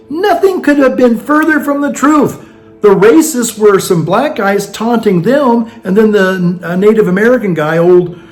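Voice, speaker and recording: A man's voice: on the high side, a little mellow. A man talking casually in a monologue, rambling with frequent restarts and acting out the people he quotes. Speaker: vlogger.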